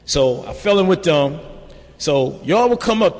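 A man's voice: fairly high pitch, expressive, a little slow, a little mellow. Streetwise older New man in a hall. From New York. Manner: streetwise, loose and conversational, constant "you know". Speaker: speaker sharing at a recovery meeting. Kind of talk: recovery testimony. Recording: reverberant hall.

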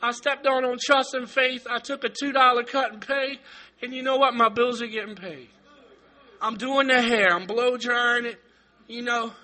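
Guy sharing at a recovery meeting, real high voice, cussing and fired up, yells sometimes. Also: fairly even intonation, normal speed, slight background noise. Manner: blunt, profane, fervent, bursts into shouting. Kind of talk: emotional recovery testimony.

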